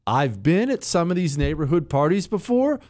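Animated sarcastic male talk show host. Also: on the high side, moderate pace, no room sound, clean studio sound. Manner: sarcastic, animated, riffs and mocks. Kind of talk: casual opinion talk show.

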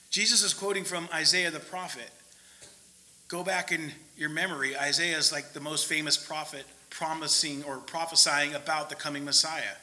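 A man preaching a conversational sermon, often checking in with his listeners and moving between loud emphasis and quiet asides. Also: a little high, rough recording.

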